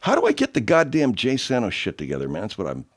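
A man's voice: mid-range voice, wildly swooping pitch, quick pace, very noisy. A man hosting a show, chatting casually and loosely while he plays listener clips, swearing freely. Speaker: show host playing listener submissions. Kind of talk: casual chat.

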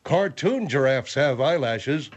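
A man's voice: mid-range voice, expressive, takes it slowly, lo-fi sound. A man voicing a formal, overly polite military man who stammers a lot. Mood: prim.

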